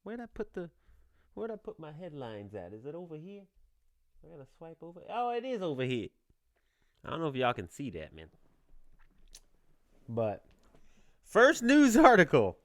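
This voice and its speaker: A young man hosts a casual podcast in a rambling, jokey way, laughing often. His voice sits a little high, smooth and clear, and swings widely in pitch. The sound is dry, with no room around it. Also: huge pitch swings, normal speed, pauses often, dry recording. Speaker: podcast host.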